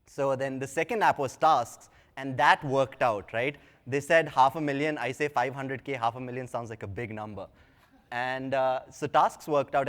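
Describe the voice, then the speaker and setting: A young man giving a live tech conference talk in a casual, chatty way with self-deprecating asides. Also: medium pitch. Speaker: conference speaker. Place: large conference hall. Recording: long hall reverb.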